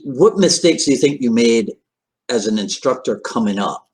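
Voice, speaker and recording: A man hosting an interview podcast, asking questions with halting restarts and lots of yeahs. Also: mid-range voice. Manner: animated, halting restarts, frequent backchannel. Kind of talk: casual interview conversation.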